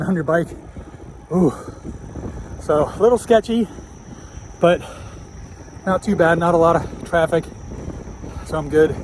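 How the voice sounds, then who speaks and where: Chatty man in his fifties, bit high. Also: a little hiss or hum. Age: 50s. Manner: casual, chatty, swears freely. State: out of breath at times. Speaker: vlogger. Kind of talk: casual chat while cycling. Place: outdoors on a country road.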